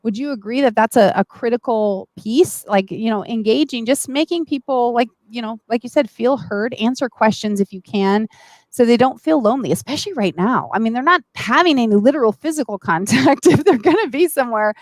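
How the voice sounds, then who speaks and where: Bright-voiced woman hosting a live stream. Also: fairly high pitch, lively intonation, a little fast, no room sound. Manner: enthusiastic, addresses viewers directly. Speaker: host.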